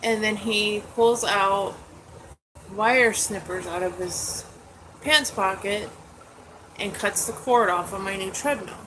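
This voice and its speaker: A woman's voice: medium pitch, slow pace, noisy background. A middle-aged woman telling a personal story in a casual vlog, rambling and upset and holding back tears. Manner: rambling, upset, with many asides and fillers. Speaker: vlogger. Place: her bedroom at home.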